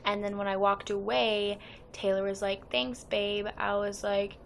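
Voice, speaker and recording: A woman's voice: mid-range voice, normal speed, vocal fry, a little hiss or hum. Chatty young woman telling a fan story. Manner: chatty and excitable, quoting others with "like". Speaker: fan vlogger. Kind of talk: casual storytelling vlog.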